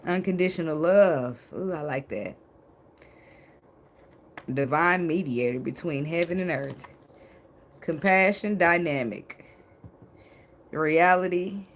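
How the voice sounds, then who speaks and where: A woman's voice: sits low, takes it slowly, long pauses. Woman tarot reader, casual and playful, light background noise. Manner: chatty and joking, sings snippets, swears casually.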